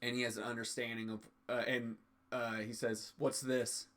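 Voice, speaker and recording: Bright-voiced male game master. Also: medium pitch, moderate pace. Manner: relaxed, with fillers. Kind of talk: narrating a tabletop game.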